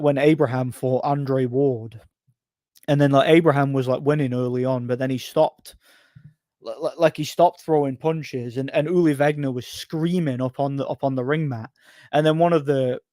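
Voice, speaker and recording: In a mid-range voice with a darkish tone, this live stream host reads out chat comments and wanders off on tangents, saying things twice and cracking himself up with his own anecdotes. The studio recording is clean, with no room sound.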